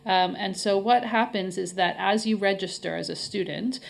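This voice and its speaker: A woman's voice: mid-range voice, moderate pace, vocal fry. A middle-aged Canadian woman, a guest on a podcast interview, explaining things in a friendly way with many fillers. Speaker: head of marketing, interview guest.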